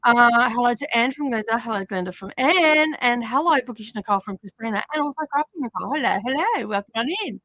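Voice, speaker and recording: A woman's voice: a little high, animated, fast, hardly any pauses, fairly bright tone, no room sound, poor audio. A woman hosting a crafting livestream, chatting casually and rambling with many fillers. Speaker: livestream host. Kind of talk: casual chat while crafting. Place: home craft studio.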